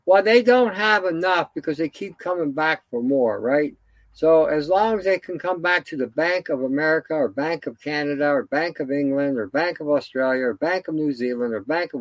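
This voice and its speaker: A man's voice: a little high, no echo. A man giving a rambling, indignant solo commentary, full of fillers and restarts.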